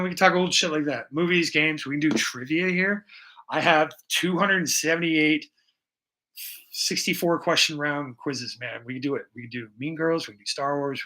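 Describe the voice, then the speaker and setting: A man's voice: on the high side, bright, forceful tone, rough recording. A man hosting a casual live stream, rambling and swearing freely as he chats with his viewers. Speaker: livestream host.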